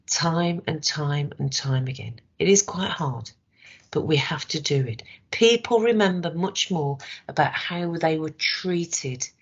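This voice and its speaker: A woman with a worn, hoarse voice, leading a training session in a conversational way and checking in with rhetorical questions. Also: lowish voice. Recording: dull lo-fi recording.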